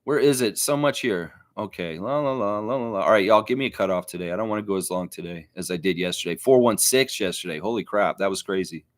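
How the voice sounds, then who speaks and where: A man's voice: deep voice, fast talker, hardly any pauses, dry recording. A man hosting a casual sports reaction livestream, reading viewer comments aloud and answering them in a blunt, profane way. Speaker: livestream host reading chat.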